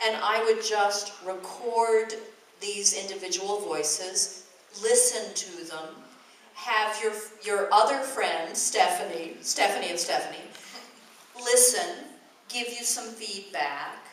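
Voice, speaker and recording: A woman's voice: medium pitch, slow, a little hiss or hum. Older woman voice actor at a fan Q&A, chatty storyteller, recorded from far off in a roomy hall. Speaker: convention guest voice actor. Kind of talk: convention Q&A talk. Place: large convention hall. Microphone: distant from the recording mic.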